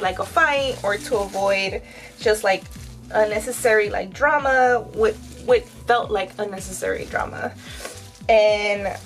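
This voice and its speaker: Here a vlogger in her thirties casually chats to viewers as she colors her hair, using fillers throughout and sometimes sounding close to tears. Her pitch sits fairly high, and the recording quality is low.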